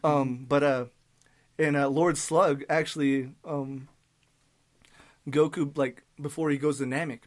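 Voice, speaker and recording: A young man with a slightly raised voice talks casually as a podcast co-host. He speaks in a relaxed, hesitant way, pausing and chuckling now and then. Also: on the high side. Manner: relaxed, hesitant, many ums and laughs. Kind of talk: casual chat.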